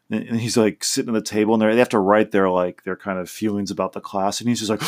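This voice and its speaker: A man's voice: fairly low pitch, lively intonation, quick pace, few pauses. A man hosting a podcast, talking in a loose, rambling way full of restarts. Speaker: podcast host. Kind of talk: casual rambling monologue. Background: faint guitar he plays himself.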